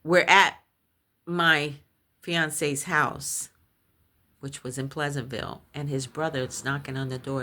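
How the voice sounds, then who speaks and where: Slow-talking woman telling a personal story. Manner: animated storytelling, acts out others' voices in high shrieks; halting restarts when shaken. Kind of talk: recounting a personal paranormal story.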